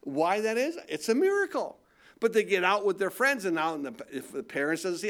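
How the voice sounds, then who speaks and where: A middle-aged pastor, talking a little fast in a voice slightly higher than the typical man's, gives an easygoing, conversational sermon. Rhetorical questions and repeated words come up often.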